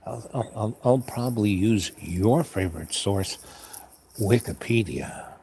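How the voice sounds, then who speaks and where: Rambling low-voiced man musing aloud. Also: measured pace, creaky, warm tone, slight background noise. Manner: meandering, musing, asks himself questions. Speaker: host. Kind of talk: rambling casual monologue.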